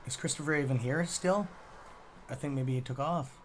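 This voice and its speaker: A man's voice: medium pitch, moderate pace, a little hiss or hum. A man hosting a casual live stock-trading stream, rambling and chatty with a sore throat, swearing now and then.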